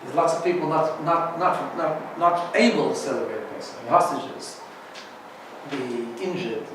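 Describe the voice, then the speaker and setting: A man's voice: on the high side, measured pace, heavy reverb, far from the mic, background noise. A man teaching an informal Torah class as a rabbi, chatty and often checking in with "right?". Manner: chatty, keeps asking "right?".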